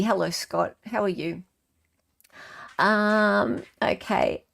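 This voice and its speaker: A woman's voice: medium pitch, extremely slow, vocal fry, long pauses. An Australian woman hosting a casual livestream chat, greeting viewers and reading their comments aloud. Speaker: livestream host.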